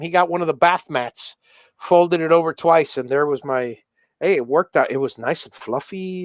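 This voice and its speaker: A middle-aged man hosting a relaxed live chat while soldering, telling rambling stories with many restarts. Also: fairly high pitch, unhurried, smooth, dry recording, clean studio sound. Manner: rambling, self-interrupting storyteller. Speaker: livestream host.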